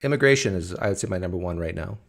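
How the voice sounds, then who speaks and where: A man hosting a casual live question-and-answer stream, teasing and animated with his callers. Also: deep voice, racing, vocal fry. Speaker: livestream host.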